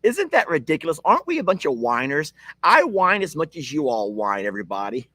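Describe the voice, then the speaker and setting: A man's voice: a little high, big pitch swings, fairly quick, bright, forceful tone, dry recording. A man hosting a casual live video from his ranch, chatting with viewers and laughing often. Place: outdoors at a ranch.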